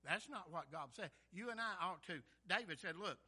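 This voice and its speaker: A fervent male preacher with a drawl, his voice pitched very high and sharp. He repeats words and swells loudly on scripture and calls to the congregation. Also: expressive, moderate pace, breathy edge. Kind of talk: sermon.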